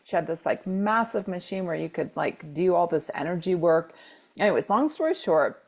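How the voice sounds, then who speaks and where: Woman with a low gravelly voice. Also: normal speed. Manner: animated, acts out quoted dialogue with repeated exclamations. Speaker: podcast co-host. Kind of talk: casual storytelling chat.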